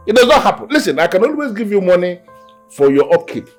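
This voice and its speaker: A stern Nigerian drama father, who lectures and scolds with a lively, rising and falling voice. His Nigerian accent is plain and his manner is firm. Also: high-pitched, fast talker, faint music behind.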